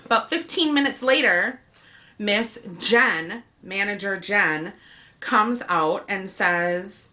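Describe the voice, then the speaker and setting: A woman's voice: medium pitch, slow pace, bright, forceful tone. A woman telling a story about a frustrating shopping trip in a casual rant, acting out the dialogue by quoting herself and the clerks.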